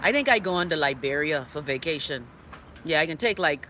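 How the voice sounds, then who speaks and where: Hosting a live online show indoors, a Bahamian woman reads viewer comments aloud, chatting outspokenly with playful dialect asides. Her low voice is sing-song, pushed and bright, at a moderate pace with frequent pauses, and there's a little hiss or hum.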